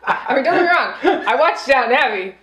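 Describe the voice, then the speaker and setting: A woman co-host chats about films with giggles and sarcasm. Her voice sits a bit high and bounces widely. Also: expressive, a little fast, fairly bright tone, reverberant, a little hiss or hum. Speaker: movie podcast co-host. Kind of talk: casual chat.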